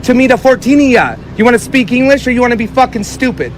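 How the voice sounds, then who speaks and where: High-voiced man aggressively confronting outdoors. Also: expressive, fast, faint music behind. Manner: aggressive, demanding, mocking. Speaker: confronter in street footage. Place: outdoors beside a car.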